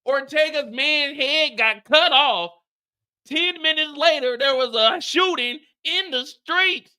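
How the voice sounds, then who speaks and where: A man hosting a comedic TV episode recap, ranting in an animated, profane, mock-dramatic way. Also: very high-pitched, slow. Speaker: show recap host.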